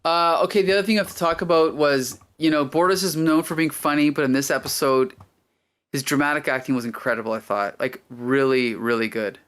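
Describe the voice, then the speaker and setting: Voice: mid-range voice, fairly even intonation, a little fast, a bit bright, smooth. Enthusiastic podcast host. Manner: enthusiastic, with frequent laughs. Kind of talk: casual podcast chat.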